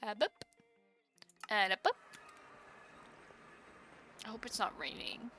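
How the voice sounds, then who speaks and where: Soft music plays in the background as a young woman streamer, speaking slowly at medium pitch, chats casually with viewers during play. She giggles a lot and often breaks into excited exclamations.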